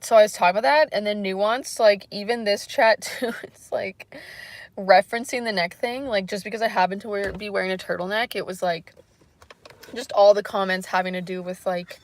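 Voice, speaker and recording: Female streamer, casual chat to viewers, soft and apologetic, hesitant with lots of fillers. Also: mid-range voice, fairly even intonation, normal speed. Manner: hesitant, rambling, many fillers. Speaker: livestreamer.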